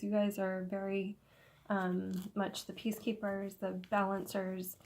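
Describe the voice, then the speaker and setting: A woman gives a casual tarot reading in a voice gone slightly hoarse. Her speech is halting and full of fillers, broken by soft laughs. Her pitch sits in an ordinary middle range. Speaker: tarot reader. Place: indoor room with incense smoke.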